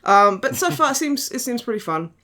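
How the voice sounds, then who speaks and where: A woman's voice: fairly high pitch, very animated, fairly quick, bright, forceful tone. A woman hosting a podcast in casual chat, sardonic and giggly, with frequent swearing. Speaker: podcast host.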